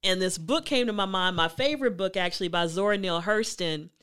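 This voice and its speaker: A woman hosting a motivational talk, telling a story in a chatty, emphatic, animated way. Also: medium pitch, brisk, smooth. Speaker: host.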